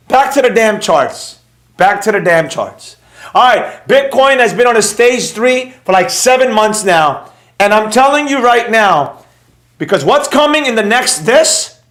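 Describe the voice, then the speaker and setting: A man with a high voice rants on a casual livestream, sarcastic and animated, hammering the same phrases over and over. The sound is roomy and echoey. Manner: animated, sarcastic, repetitive ranting. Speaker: trading educator and livestreamer.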